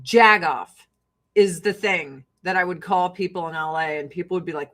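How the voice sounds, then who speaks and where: A woman's voice: fairly low pitch, normal speed, a bit bright, poor audio. A middle-aged woman from Illinois with a Chicago-area Midwestern accent, chatting casually and profanely as a livestream host, laughing often and mimicking people. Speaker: livestream host selling skincare. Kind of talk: casual rambling chat.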